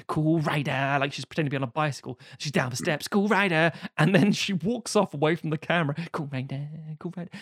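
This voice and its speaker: A man's voice: a little high, dry recording, studio quality. A man co-hosting a casual film podcast, retelling scenes animatedly and swearing freely. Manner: animated storyteller who acts out scenes and swears. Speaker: podcast co-host. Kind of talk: casual film commentary chat.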